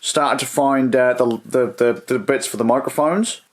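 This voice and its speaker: A man's voice: medium pitch, steady tone, moderate pace, a little hiss or hum. A man rambling casually and swearing as he laughs at himself over lost gear at home. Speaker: livestreamer.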